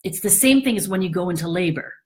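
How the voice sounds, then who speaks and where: Animated woman comparing house selling to birth. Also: quick pace. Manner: animated, acts out quoted thoughts in a high voice. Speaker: realtor. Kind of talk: casual explainer monologue.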